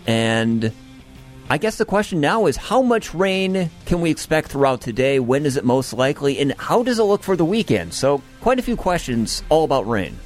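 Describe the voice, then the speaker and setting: Lively, animated male radio host. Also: fairly high pitch, moderate pace, soft background music. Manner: playful, animated, musing. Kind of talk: morning radio chat.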